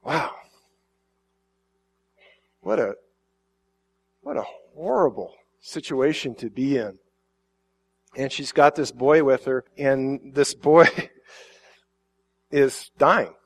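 A man's voice: medium pitch, animated, slow pace, long pauses, breathy edge. A middle-aged man preaching a sermon, reading scripture and then talking it through in a loose, conversational way, with restarts and voiced quotes. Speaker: pastor.

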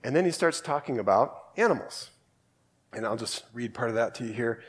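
An Australian man preaches in an expressive, medium-pitched voice that's slightly rough and a little quick. In a conversational sermon, he reads scripture aloud and gives voice to the figures he quotes.

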